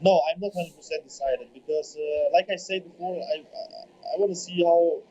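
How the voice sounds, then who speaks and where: A man in his twenties with a German accent, a bodybuilder speaking English as a second language in a casual interview, halting and repeating words as he searches for them. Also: a little high, fairly even intonation, mellow. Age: 20s. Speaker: bodybuilder guest. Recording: dull lo-fi remote audio.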